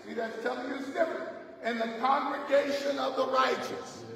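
A male pastor preaching a sermon in call-and-response, asking the church to finish his lines and rising to shouts on key points. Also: very high-pitched, fairly even intonation, fairly quick. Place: church sanctuary. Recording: echoey church hall, mic far off.

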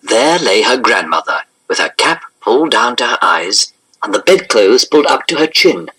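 A man reading a children's storybook aloud in an expressive, animated narration. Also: on the low side, moderate pace, breathy edge, poor audio.

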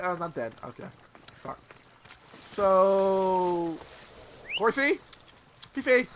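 A young man giving excitable, casual let's-play commentary, with loud outbursts and constant swearing. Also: high voice, drawn-out words, pauses often, slight background noise. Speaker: gameplay streamer.

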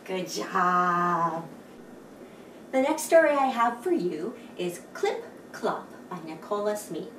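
Animated sing-song storytime librarian. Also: female voice, medium pitch, takes it slowly, a little hiss or hum. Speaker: children's librarian hosting storytime. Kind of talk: children's storytime with songs. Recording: echoey room, distant mic, faint music.

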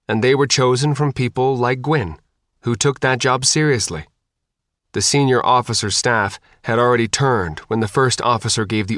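A man reading an audiobook in a measured, even style. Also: medium pitch, no echo, studio quality. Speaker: audiobook narrator. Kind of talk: scripted audiobook narration.

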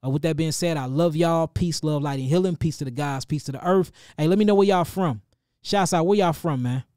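A middle-aged man with a St. Louis accent hosts a casual livestream, giving animated, preachy shout-outs and calling his listeners family. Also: on the high side, a little fast, no echo, clean studio sound. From St. Louis, Missouri. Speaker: livestream host and healer.

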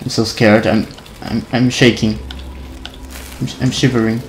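A gaming video creator giving nervous let's-play commentary on a horror game, talking to themself and humming la-la to stay calm. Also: mid-range voice, normal speed, a little hiss or hum, low-quality recording. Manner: nervous, talks to self, hums la-la to calm down.

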